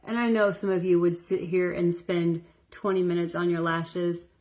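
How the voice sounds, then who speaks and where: A woman's voice: on the low side, flat delivery, normal speed, a little mellow. A middle-aged woman, a makeup artist, chatting casually through a makeup tutorial, talking while she applies her makeup. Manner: chatty, self-deprecating, talks while applying makeup.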